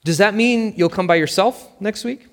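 A man voicing a kindly churchgoing woman who speaks softly and earnestly, gently persuading. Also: high-pitched, normal speed. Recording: long reverb.

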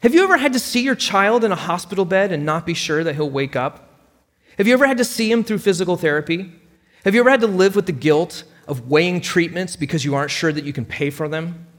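A man's voice: sits high, animated, quick pace, long reverb tail, pitched above the performer's own voice. A man voicing a determined mother who confronts an insurance company with pointed, indignant questions. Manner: indignant, pressing, sharp questions.

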